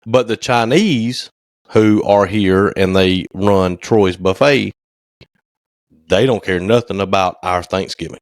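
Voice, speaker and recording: A man with a fairly low voice co-hosts a podcast in casual chat. He rambles through his stories with plenty of fillers. The sound is close and dry. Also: slow, no room sound. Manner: rambling storyteller, many fillers. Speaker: podcast co-host.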